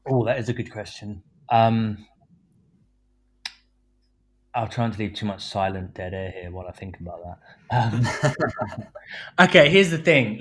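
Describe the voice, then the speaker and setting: A man's voice: mid-range voice, fairly bright tone. A man from London, a film director, talking casually as a podcast guest, full of "you know" fillers and acted-out quotes. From London, England. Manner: chatty, many fillers, acts out quoted speech.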